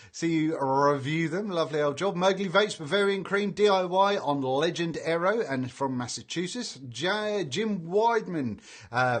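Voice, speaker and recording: A man hosting a casual live stream, reading out viewer greetings in a chatty way and stumbling over names. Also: a little high. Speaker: livestream host reading chat.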